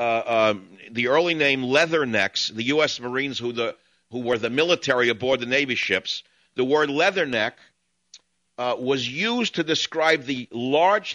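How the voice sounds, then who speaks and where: A man's voice: medium pitch, bright, forceful tone, no echo. A man hosting a call-in talk radio show, ranting combatively at his callers in long monologues. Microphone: studio mic.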